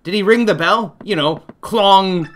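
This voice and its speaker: Bright, animated man doing game commentary. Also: a little high, moderate pace, a little hiss or hum. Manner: reads game text aloud, then reacts with laughter and playful mock outrage. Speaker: gaming commentator. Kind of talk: comedic let's play commentary.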